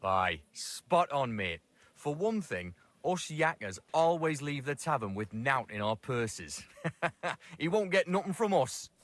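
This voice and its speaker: A gruff Geordie tavern drinker. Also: male voice, a little high, big pitch swings, a little slow, fairly bright tone. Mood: blunt. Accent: Geordie-style northern English. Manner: blunt, dialect-heavy, chuckling. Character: gruff northern English male tavern drinker.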